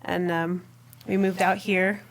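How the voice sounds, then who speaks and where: Woman telling her faith story, animated. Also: fairly low pitch, takes it slowly. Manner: animated storyteller, laughs often, acts out her own past words. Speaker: podcast guest. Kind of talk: personal faith testimony in conversation.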